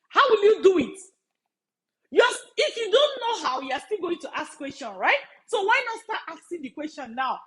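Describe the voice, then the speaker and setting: A woman with a high voice talks straight to her viewers as a study-abroad mentor. She is emphatic, drives her points home by repeating them, and breaks into laughter now and then. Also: sing-song, moderate pace, fairly bright tone, low-quality recording. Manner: emphatic, repeats key phrases, laughs often. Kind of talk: casual live-stream talk to viewers.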